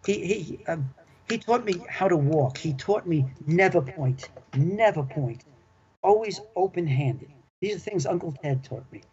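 Speaking at a measured pace, the interview guest has a fairly high, expressive voice with a darkish tone. He's an older ex-club manager telling enthusiastic, chatty stories about his career, with plenty of repetition, on a dull lo-fi recording.

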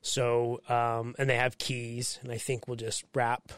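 A man co-hosting a podcast, telling stories in a casual, profane, animated way. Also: medium pitch, measured pace, smooth, no room sound, clean studio sound. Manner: profane, storytelling, animated when quoting. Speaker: podcast co-host. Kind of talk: casual chat.

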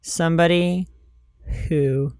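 A man's voice: a little high, steady tone, slow, a little mellow, clean tone, no room sound, clean studio sound. A man playing a word-guessing game on a casual podcast, enthusiastic and given to overthinking his answers. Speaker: podcast co-host, guessing player.

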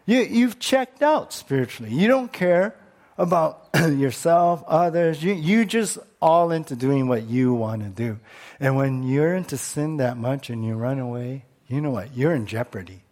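A man's voice: medium pitch, animated, measured pace, a little mellow. A male pastor preaching a conversational sermon and often posing rhetorical questions to the congregation.

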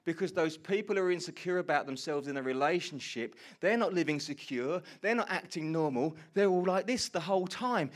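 A man telling a funny personal story in a sermon to a congregation, acting out his own lines loudly. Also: high voice. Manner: animated storyteller, shouts quoted lines. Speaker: pastor. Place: church hall before a congregation.

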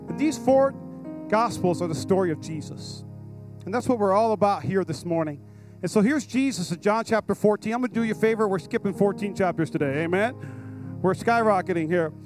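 A man preaching to a congregation at a church service, excited and casual, with slang and asides to the crowd. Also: high-pitched, fairly quick, over music. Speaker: pastor. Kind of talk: lively sermon at a church service.

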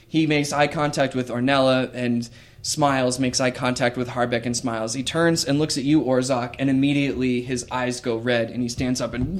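A man narrating a tabletop game as game master, in a relaxed, halting way. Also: mid-range voice. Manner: relaxed and halting, with many fillers.

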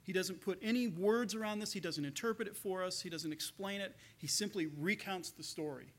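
In a brisk, fairly bright tone, a male pastor with a rather high voice retells a story during his sermon, sounding earnest and conversational. He repeats words now and then as he talks it through with the people listening.

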